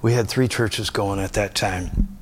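A middle-aged male pastor preaching in a low, easygoing voice. His sermon sounds like talk among friends, and it jumps from hushed asides to loud, raised lines. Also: fairly even intonation, a little slow.

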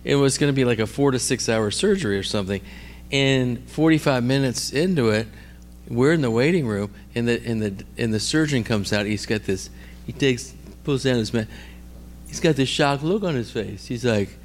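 This preacher's voice sits in the mid range and moves at a normal speed. Teaching about healing ministry in a chatty, story-driven sermon, he keeps asking his audience "all right?" and "amen?", often repeating or restarting words mid-story.

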